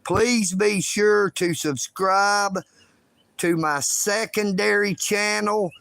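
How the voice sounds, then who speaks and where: Man, high voice, slow delivery, loud, emphatic, livestream rambling. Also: steady tone, gravelly, no room sound. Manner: loud, emphatic, self-promoting. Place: his bedroom at home.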